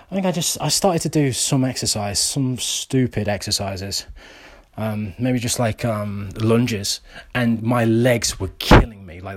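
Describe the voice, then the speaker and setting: A young man, talking casually and mocking himself, with lots of fillers and restarts. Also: fairly low pitch. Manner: self-mocking, rambling with many fillers. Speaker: vlogger. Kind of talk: casual monologue.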